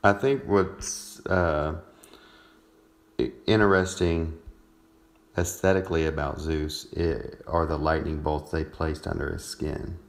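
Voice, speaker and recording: Man, very low gravelly voice, laid-back, laughs a lot, casual chat. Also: steady tone, takes it slowly. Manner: laid-back, laughs often, clears throat. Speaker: podcast co-host.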